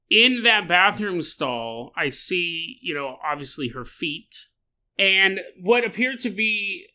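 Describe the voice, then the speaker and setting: A man with a bright, rather high voice, telling a story on his podcast. His pitch swings widely as he jokes and chuckles through the tale. His throat sounds a little sore. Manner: animated, jokey, laughs while telling a story. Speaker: podcast host.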